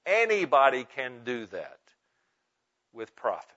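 A man preaching a teaching sermon to pastors, emphatic, slowing down and stressing single words. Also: mid-range voice, sing-song, a bit bright. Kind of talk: sermon teaching on Bible meditation. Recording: muffled lo-fi sound.

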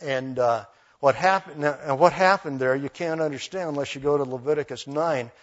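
A man preaching a sermon, telling Bible stories in an animated way with voiced quotes and folksy asides. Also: on the high side, fairly quick, lo-fi sound.

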